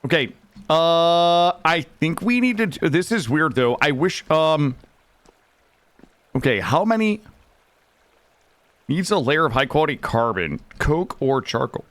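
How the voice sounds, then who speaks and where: A young man streaming a game live, talking to his chat in a loud, excitable way with sudden yelps. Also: a little high, a little slow, long pauses, no room sound. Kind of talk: live gaming stream commentary.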